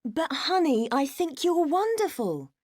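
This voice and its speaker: Woman voicing a sweet young girlfriend, high and very singsong, slow, dry. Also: big pitch swings, no room sound. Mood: coaxing. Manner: coaxing, insistent. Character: affectionate young woman soothing her boyfriend. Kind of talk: textbook dialogue acting.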